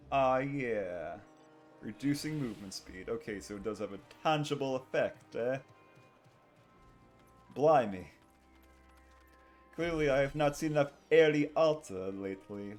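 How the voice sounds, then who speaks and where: A man's voice: mid-range voice, close to an everyday voice. A male streamer putting on a hammy British accent, bantering playfully while streaming a game. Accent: put-on British. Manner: hammy, playful, laughs often. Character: exaggerated tipsy British bloke, jolly.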